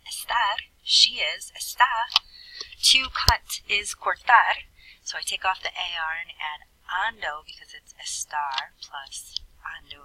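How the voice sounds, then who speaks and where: A woman's voice: fairly low pitch, pushed and bright, husky, recorded from a distance, rough recording. A woman Spanish teacher explaining grammar patiently, step by step, in a recorded lesson. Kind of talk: recorded classroom lesson with screen writing.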